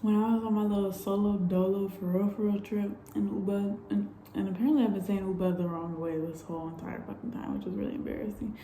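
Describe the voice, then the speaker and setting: Young woman vlogger, candid and animated, mellow timbre, echoey room with faint background hum. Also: mid-range voice, quick pace, hardly any pauses. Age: young adult. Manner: candid, animated storytelling with frequent swearing and laughs. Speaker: travel vlogger. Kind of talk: casual storytelling vlog.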